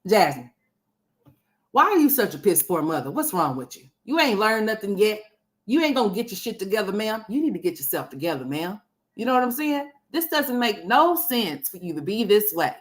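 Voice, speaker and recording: A woman's voice: mid-range voice, big pitch swings, normal speed. A woman hosting a gossip commentary livestream, brash and profane, rambling and talking straight to her viewers. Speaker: commentary host.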